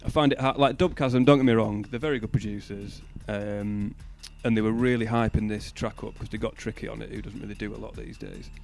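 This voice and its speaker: A man's voice: fairly low pitch, steady tone, a little fast, vocal fry, hardly any pauses, a little mellow. A man co-hosting a casual music show, swearing, laughing and giving blunt opinions. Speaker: podcast co-host. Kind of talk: casual chat about music.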